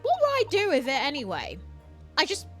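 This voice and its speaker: A scrappy young street girl speaks in a thick cockney accent, as a woman reading a game puts her on. She tells her tale in low, hushed, jittery runs, bright at the edges. Soft music plays behind her. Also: huge pitch swings, fairly quick, exaggerated voice. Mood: nervous. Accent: put-on London cockney.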